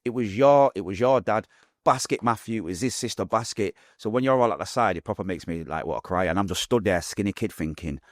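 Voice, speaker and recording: Fast-talking Manchester man telling his story. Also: lowish voice, dry recording, clean studio sound. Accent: Mancunian English. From Manchester, England. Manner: fast, animated retelling with acted-out quotes. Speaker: podcast guest. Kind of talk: candid storytelling.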